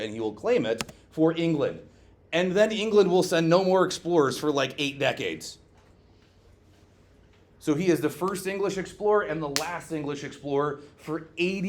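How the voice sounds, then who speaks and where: A male teacher giving a classroom history lecture, lively and joking, asking the class questions and tagging on "okay?" often. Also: a little high. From Scotland.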